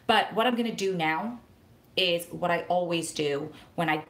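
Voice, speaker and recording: Fast-talking New woman. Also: on the low side. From New Jersey. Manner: fast-talking, excitable, rambling. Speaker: vlogger and prison wife advocate. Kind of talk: casual live-stream chat. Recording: echoey room.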